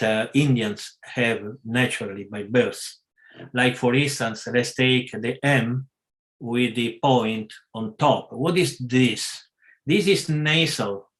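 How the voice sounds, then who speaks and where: Slow, halting man teaching a scripture class. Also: mid-range voice, a bit bright. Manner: halting, many pauses and self-corrections. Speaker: class speaker.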